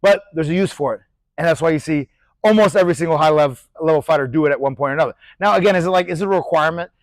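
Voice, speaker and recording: A man's voice: on the high side, rapid-fire, no room sound, rough recording. A middle-aged man coaching boxing in a loose, chatty way, now and then barking out punch sounds as he demonstrates. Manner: animated, demonstrates punches with shouted sound effects; loose, chatty, swears casually. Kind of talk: casual instructional talk.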